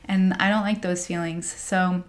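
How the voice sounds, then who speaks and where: A young American woman, a spiritual coach, talking in a candid, rambling monologue full of "like" and soft laughs. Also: on the low side, level tone, a little slow. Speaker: spiritual coach and podcast host. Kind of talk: casual confessional monologue.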